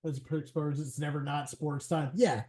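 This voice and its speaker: Male streamer, casual chat, swears a lot, mellow voice, slightly high. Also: little pitch movement, normal speed. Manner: swears freely, rambling, laughs often. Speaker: streamer host.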